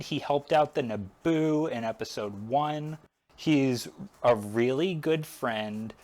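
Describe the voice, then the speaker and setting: A man casually recapping a movie while he paints, joking and rambling as he goes. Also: medium pitch. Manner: joking, rambling, self-interrupting. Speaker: painting vlogger.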